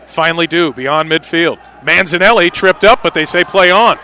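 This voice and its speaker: A man doing live play-by-play commentary on an indoor soccer match, with quick calls that rise sharply on big plays. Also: on the high side, bright, forceful tone, slight background noise.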